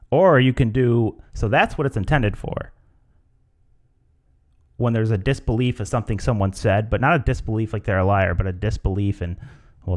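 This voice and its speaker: A man's voice: lowish voice, a little mellow. A man hosting a podcast alone, rambling casually and acting out different tones of voice. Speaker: podcast host. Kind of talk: casual solo podcast talk.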